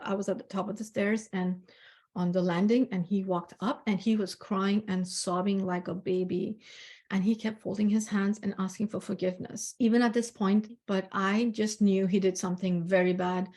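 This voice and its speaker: A woman in a spiritual healing talk tells a personal story, earnest and reflective, pausing with soft fillers. Her voice is mellow and warm, sitting at a middle pitch. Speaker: spiritual healer.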